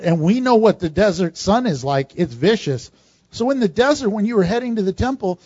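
A man's voice: high voice, a little mellow, dry recording, lo-fi sound. A man preaching a sermon, telling the story with animation and asking the audience questions. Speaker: pastor.

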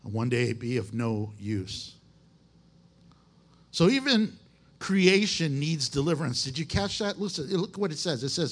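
A man's voice: a little high, very animated, measured pace. A man who is a pastor, preaching a conversational, emphatic sermon in a folksy way.

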